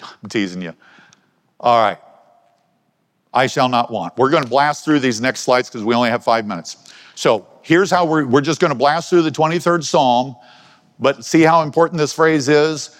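In a church hall with long, lingering reverb, a man delivers a sermon in a conversational style, stopping to ask his listeners questions. His voice sits in the mid range and he speaks at a normal speed.

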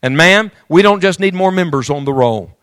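Guy preaching, slightly high voice, goes big and loud then drops real quiet, dry close sound. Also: lively intonation, normal speed, dry recording. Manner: swings between loud emphatic declarations and hushed intimate storytelling; reads scripture aloud in King James wording. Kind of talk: sermon.

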